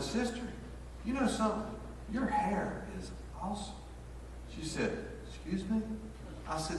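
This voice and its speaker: A pastor preaches with a folksy, storytelling manner, his voice pitched a little high for a man. He is heard from a distance in a church hall. The reverb is heavy and long, with a faint hum behind him. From North Carolina, USA. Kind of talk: sermon. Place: church sanctuary. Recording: echoey hall, picked up from far off.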